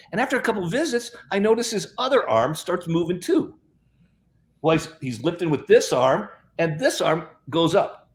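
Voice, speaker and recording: Man, middle-aged, fairly high voice, rambling, repeats words, interview guest telling a story. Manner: rambling, repeats words, quotes others in his own voice. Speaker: guest, health practitioner.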